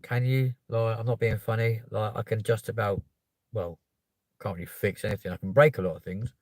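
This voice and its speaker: A young man with a London accent hosting a live stream, chatting casually and cheekily with viewers and bursting into loud pleas to subscribe. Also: fairly low pitch, fairly even intonation, a little fast, no echo. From England. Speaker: livestream host. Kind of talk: casual live chat reading comments.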